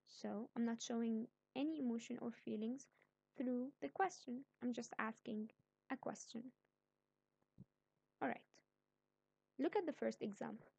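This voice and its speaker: Higher-voiced woman teaching grammar, mellow, dry. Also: measured pace, creaky, pauses often, slightly rough, no echo, dull audio. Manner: patient, explains step by step, then acts out example sentences. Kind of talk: grammar lesson.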